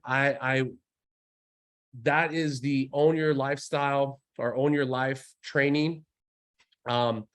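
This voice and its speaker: A man leading a live online sales training with preacher-like hype, calling out for hallelujahs and breaking into sudden shouts. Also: medium pitch. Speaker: network marketing trainer.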